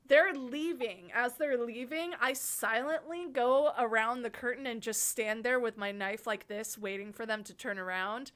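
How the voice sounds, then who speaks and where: Woman host, high bright voice, animated storyteller on a video call. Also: normal speed, hardly any pauses. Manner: animated, laughing, acts out scares. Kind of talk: casual chat, storytelling.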